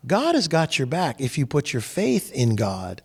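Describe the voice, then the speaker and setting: A man from California leads a faith discussion group and tells a story from his own life. His voice sits a little high, and he gives each person in the story their own voice. The sound carries a long, hall-like reverb. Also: unhurried, husky. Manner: animated, acts out quoted people.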